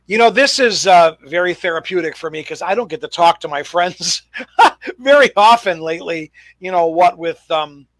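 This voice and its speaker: A man's voice: sits high, animated, normal speed, a bit bright, no room sound, rough recording. A man hosting a casual talk show, reacting with laughs and emotion. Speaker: host. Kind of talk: casual chat.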